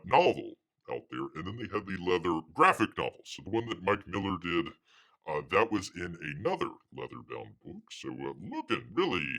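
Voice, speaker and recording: A man's voice: on the low side, gravelly, bright, forceful tone. A man hosting a casual livestream, rambling with many fillers and calling himself by his nickname. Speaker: livestream host.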